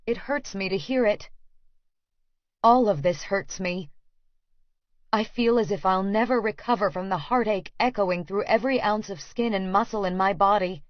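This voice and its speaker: A woman narrates a first-person audiobook in a measured, earnest way, at a middle pitch. The recording is dry and close, with a slightly dull tone. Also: dry recording.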